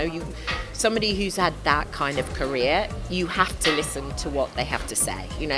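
A woman who has lost her voice, speaking as a dance-show host in a casual interview, chatty and effusive with many restarts. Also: low voice.

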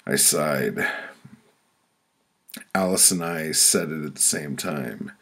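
A man reading his own story aloud in a deadpan, blunt manner, with sudden loud outbursts. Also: very deep voice, takes it slowly, breathy edge. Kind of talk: spoken-word storytelling.

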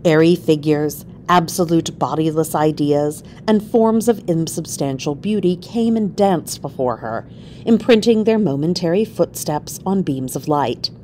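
A woman narrating a classic story aloud in an expressive, measured reading. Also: low voice, a little hiss or hum. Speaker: reader.

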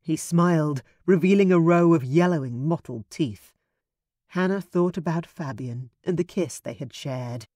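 A woman narrating a period romance audiobook in a measured, expressive studio reading. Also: deep voice, dry recording.

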